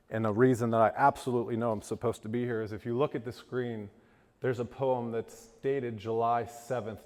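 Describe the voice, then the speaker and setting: A man's voice: medium pitch, darkish tone. A man from western Pennsylvania giving a personal recovery testimony as a guest speaker at a lunch. He talks earnestly, his voice cracks with emotion and he often restarts his sentences. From western Pennsylvania, USA. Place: event hall at a lunch. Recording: long hall reverb.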